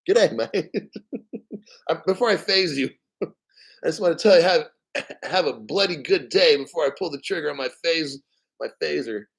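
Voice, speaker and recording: A man's voice: high-pitched, expressive, drawn-out words, gravelly, pauses often, a bit bright, full character voice. A man voicing a jokey Australian Vulcan officer, laughing through Aussie slang. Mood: joking.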